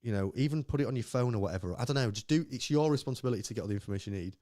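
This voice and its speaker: Speaking very fast in a mid-range voice, a male podcast co-host is heard in a dry, clean studio recording. Beer in hand, he keeps the conversation casual, wandering off on animated tangents and acting out what people said.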